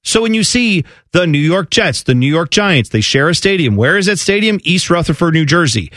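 High, animated radio co-host man. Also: brisk, dry recording, studio quality. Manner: argumentative, explains at length and mimics people in quoted voices. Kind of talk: casual sports radio banter.

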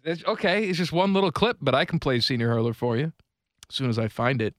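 A man's voice: medium pitch, dry recording, clean studio sound. Man running a radio request segment. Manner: brisk, runs the segment. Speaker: radio host. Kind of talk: casual radio banter. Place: radio studio.

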